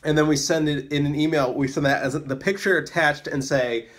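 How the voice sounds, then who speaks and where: A man's voice: fairly high pitch, steady tone, a little fast. A man chatting casually in a vlog, rambling and laughing often as he mocks himself. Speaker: vlogger, small business owner. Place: out walking in town, then indoors.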